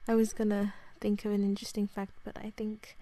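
A woman in her twenties with an Australian accent, in a whispered role-play, talking softly to the listener, rambling and apologizing. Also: medium pitch, completely flat delivery, fairly quick. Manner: soft-spoken, rambling, apologetic.

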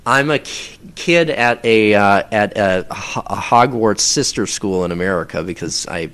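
A man with a fairly low voice chats in a relaxed interview. He talks haltingly, circling back and restarting his thoughts as he describes his own recordings. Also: smooth. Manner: rambling, halting, many fillers and restarts. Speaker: audio performer interviewed about his work. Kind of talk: casual interview talk.

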